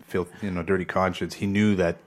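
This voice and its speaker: A man's voice: low voice, level tone, brisk. A man co-hosting a podcast in casual chat, making dry jokes and putting hypothetical questions to the others. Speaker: podcast co-host.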